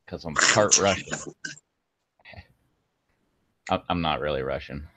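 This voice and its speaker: Deep-voiced rambling man chatting. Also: brisk, sharp tone, no room sound. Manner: rambling, filler-heavy, jokey. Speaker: channel host. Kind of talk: casual chat on a video stream. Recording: dull, dry low-fidelity audio.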